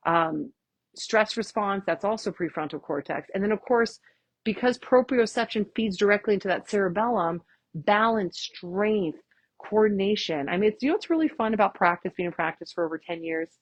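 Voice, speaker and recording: A woman chiropractor, giving a lively, chatty workshop talk and often asking "right?". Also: mid-range voice, moderate pace, no room sound. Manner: chatty, tags lines with "right?", acts out quotes. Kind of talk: casual, enthusiastic presentation.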